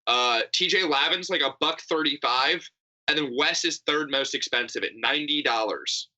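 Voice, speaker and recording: A man co-hosting a podcast, talking in a sarcastic, profane, animated way. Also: a little high, normal speed, rough recording. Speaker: podcast co-host. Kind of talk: casual chat.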